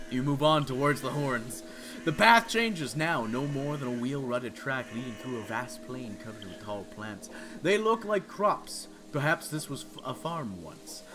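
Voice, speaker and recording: Reading a horror game's text out loud, this male streamer adds his own remarks between passages. Profanity flows freely, and he erupts into loud, irritated rants now and then. The pitch is a little high.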